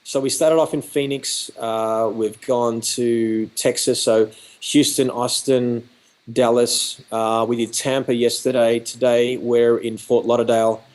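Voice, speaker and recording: A man's voice: mid-range voice, flat delivery, a little slow, darkish tone. Chatty Australian man telling stories. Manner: chatty, acts out dialogue with quoted exchanges. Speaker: photography educator. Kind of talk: animated conversational storytelling. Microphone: video call.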